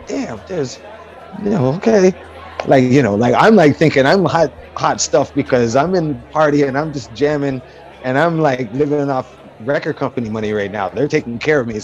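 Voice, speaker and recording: A man telling an excited story as a guest, acting out what people said, with many fillers. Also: mid-range voice, dull audio. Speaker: guest musician. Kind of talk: animated storytelling.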